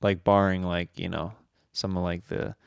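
A young male podcast host from Kansas with a smooth, resonant, fairly low voice. He rambles in a friendly, casual way, full of "uh"s and "like"s and quick laughs. The sound is close and dry. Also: level tone, no room sound. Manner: rambling, laughs often, many fillers.

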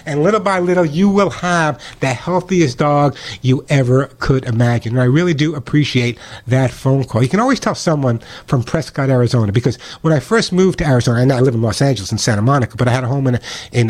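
Animated New York radio host, man. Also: a little high. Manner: animated, fast-talking, chatty. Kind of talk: call-in radio advice and ad reads.

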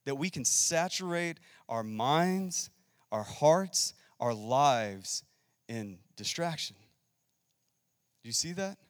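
A man preaching a sermon, emphatic, swinging between loud and hushed. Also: mid-range voice, no room sound, studio quality, in a large hall. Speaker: pastor.

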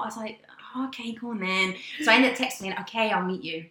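A young woman from England telling a story in casual chat, animated and swearing, acting out the voices she quotes. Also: mid-range voice, fast talker, echoey room. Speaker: guest.

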